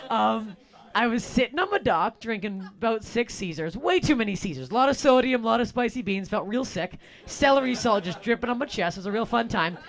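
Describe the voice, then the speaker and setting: A woman, doing a loud, rowdy stand-up set outdoors and shouting some bits. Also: fairly high pitch, expressive, fairly quick. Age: 20s. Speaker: stand-up comic. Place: outdoor alleyway stage.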